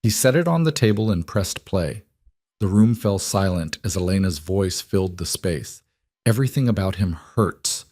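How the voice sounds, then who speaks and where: A man reading a story as narrator, in a steady, measured way, close to the microphone. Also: deep voice, no room sound. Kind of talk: scripted audiobook narration.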